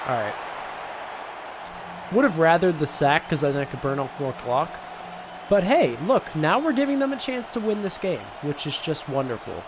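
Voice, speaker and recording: A young man giving casual, excitable commentary over a football video game, swinging between hype and grumbling. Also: a little high, normal speed. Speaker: gaming YouTuber. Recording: noisy background.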